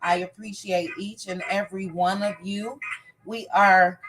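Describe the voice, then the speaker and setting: A woman's voice: medium pitch, level tone, unhurried, rough recording. A woman hosting a casual live stream, greeting viewers by name one after another. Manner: warm shout-outs, reading names one by one.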